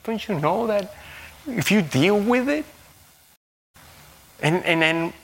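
A man preaching a sermon in a slow, halting way, repeating words and swinging suddenly between a low murmur and a high, loud cry. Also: animated, gravelly. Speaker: pastor.

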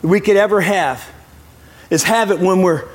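A middle-aged man preaching as a guest, lively and joking, often breaking off to apologize to his listeners. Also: high voice, a little slow. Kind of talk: sermon.

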